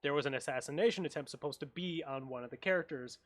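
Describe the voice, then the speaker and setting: A man's voice: on the high side, a bit bright, dry recording. Podcast cohost guy, rambly, lots of uhs, dry close mic. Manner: rambling, halting, full of fillers. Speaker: podcast co-host. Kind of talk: casual panel discussion.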